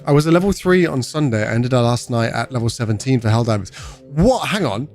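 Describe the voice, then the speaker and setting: A man's voice: medium pitch, animated, fast talker, a little mellow, soft background music. A young British man chatting casually on a game livestream, joking and answering chat as he goes. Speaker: streamer.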